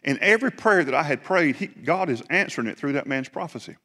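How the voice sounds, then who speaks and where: A man from South Georgia with a Southern US accent, preaching a lively testimony sermon with animated storytelling. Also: fairly high pitch, fast talker. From South Georgia, USA. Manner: animated storytelling, building to fervent praise. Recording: reverberant hall.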